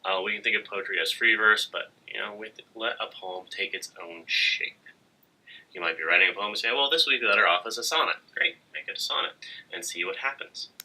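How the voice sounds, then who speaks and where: A man giving a recorded slide lecture, talking in a relaxed, halting way with many fillers. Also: fairly low pitch, poor audio. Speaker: teacher.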